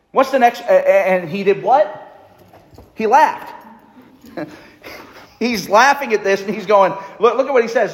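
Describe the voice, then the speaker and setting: A man's voice: sits high, moderate pace, long pauses. A man preaching a sermon in a conversational way, reading scripture aloud. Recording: echoey hall reverb.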